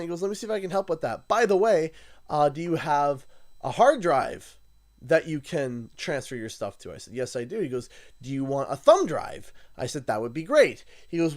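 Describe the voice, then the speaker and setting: A Canadian man streaming live, chatting casually and telling an animated anecdote while acting out what others said. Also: on the high side. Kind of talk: casual livestream storytelling.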